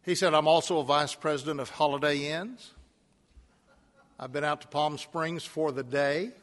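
A man's voice: a little high, a bit bright. A man preaching a sermon, telling a personal story and building to emphatic repeated calls. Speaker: pastor. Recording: long hall reverb.

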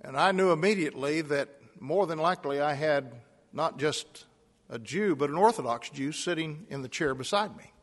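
High-voiced preacher in a reverberant hall. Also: male voice, normal speed. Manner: storytelling, building to emphatic repeated calls. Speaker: pastor. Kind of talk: sermon.

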